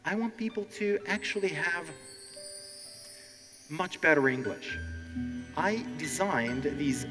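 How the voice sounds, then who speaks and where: Brief: man, bright animated stage teacher, echoing hall, faint music. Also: on the high side, slow. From Ukraine. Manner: animated, keeps asking "okay?", acts out quotes. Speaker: language teacher hosting a stage show. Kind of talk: interactive stand-up lesson. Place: stage in a hall before a live audience.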